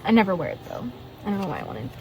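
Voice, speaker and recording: A woman's voice: mid-range voice, sing-song, rapid-fire, music in the background, low-quality recording. A teenage girl in casual chat, showing her sketchbook in her bedroom and gushing with lots of fillers and rambling asides. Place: bedroom at a desk. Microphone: phone hanging above the desk.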